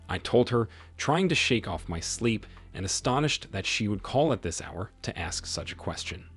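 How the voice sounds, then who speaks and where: Husky, lively-voiced male storyteller. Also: on the low side, normal speed, hardly any pauses. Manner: dry, sarcastic storytelling. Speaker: narrator. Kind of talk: scripted narration. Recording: faint music underneath.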